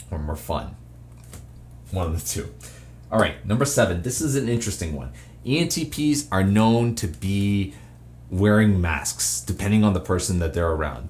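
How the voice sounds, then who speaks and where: A man giving casual advice to camera, rambling with lots of fillers and restarts. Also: fairly low pitch. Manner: rambling, filler-heavy, with self-interrupting restarts. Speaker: YouTuber giving personality-type advice.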